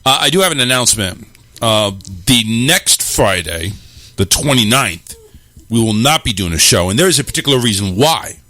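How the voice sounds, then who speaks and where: A man hosting a casual live-streamed talk show, blunt and quick to swear when irritated, speaking into a new microphone. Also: medium pitch, very animated, bright, forceful tone, no echo.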